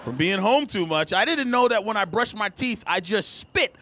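Man, stand-up comedian, high voice, swooping wildly, bright edge, profane and exasperated. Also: moderate pace, a little hiss or hum. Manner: animated, profane, exasperated storytelling with loud outbursts.

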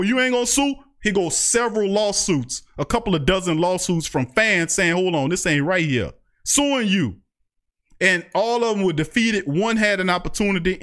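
New guy hosting a live sports stream, high voice, all fired up and trash talking. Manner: loud, hyped, trash-talking, reads out chat. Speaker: podcast host. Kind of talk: fired-up livestream sports talk.

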